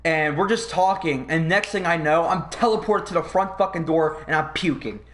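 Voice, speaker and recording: A young man hosting a podcast, telling a long story in a rambling, profane, animated way. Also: fairly high pitch, normal speed. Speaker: podcast host. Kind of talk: casual storytelling.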